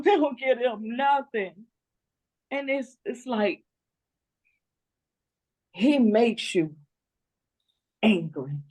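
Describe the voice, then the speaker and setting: In her closing statement at a custody hearing, a grandmother pleads tearfully over a phone video call, rambling and repeating herself. Her voice is high and a bit mellow.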